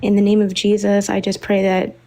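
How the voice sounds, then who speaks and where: A woman's voice: mid-range voice, completely flat delivery, brisk, mellow, rough recording. A woman calling in to a casual live debate stream, earnest and hesitant, often restarting her sentences. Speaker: caller.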